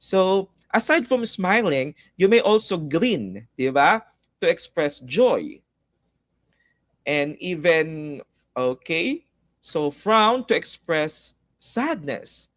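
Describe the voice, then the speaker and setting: A young man with a Filipino accent teaches a live online class in a voice pitched a bit high for a man. He coaxes his students along with lively energy and reads their comments aloud. The sound is dry and close. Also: slow pace, no room sound. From Philippines. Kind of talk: live online class, mixing Tagalog and English.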